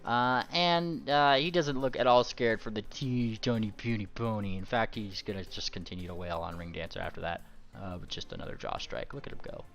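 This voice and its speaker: A woman narrating a tabletop game as game master, playful and animated. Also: extremely low pitch, fairly quick, faint music behind. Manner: playful, animated, squeals and laughs.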